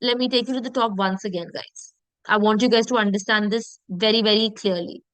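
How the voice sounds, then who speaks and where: A woman's voice: medium pitch, fairly even intonation, fairly bright tone, clean tone, no echo, poor audio. Woman teaching, checking in often. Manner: explains step by step, checks in with "okay?" and "correct?"; slows down to model French words carefully. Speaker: French teacher. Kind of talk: online language lesson.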